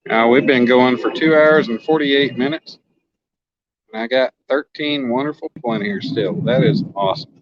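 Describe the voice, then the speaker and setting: A man's voice: mid-range voice, moderate pace, muffled recording, slight background noise. A man from Oklahoma chatting casually on a fishing livestream outdoors, reading comments and joking with viewers. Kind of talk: casual live-stream chat reading comments. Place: outdoors at a lake bank.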